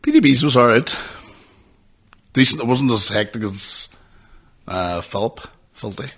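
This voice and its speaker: A man co-hosting a podcast, swearing freely as he tells animated stories in casual chat. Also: medium pitch, a little slow, husky. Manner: animated storyteller, swears freely, laughs often. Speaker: podcast co-host.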